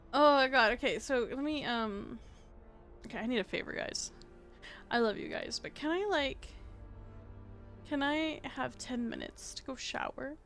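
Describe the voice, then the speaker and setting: High, bright, excitable young woman streamer. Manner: excitable, rambling, self-deprecating, laughs often. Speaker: VTuber streamer. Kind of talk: casual live-stream chat.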